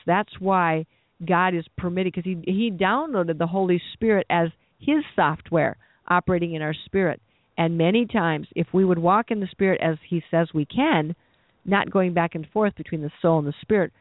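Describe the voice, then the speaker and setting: A preacher with a mid-range voice delivers an earnest sermon, often repeating and restarting phrases as his thought builds. The recording is dry and tinny, like a phone.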